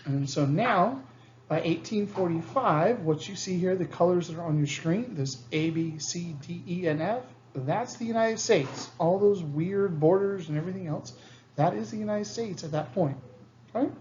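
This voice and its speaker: A man's voice: high voice, moderate pace, darkish tone, a little hiss or hum. A man teaching history in a recorded lecture, in a casual way, often checking in with students and acting out quotes. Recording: slightly dull lo-fi recording.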